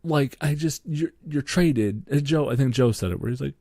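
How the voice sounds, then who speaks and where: A man's voice: mid-range voice, brisk, creaky, dark tone, no room sound, clean studio sound. A young man, co-hosting a podcast and ranting sarcastically about sports, swearing freely. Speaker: podcast co-host. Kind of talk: solo sports podcast rant.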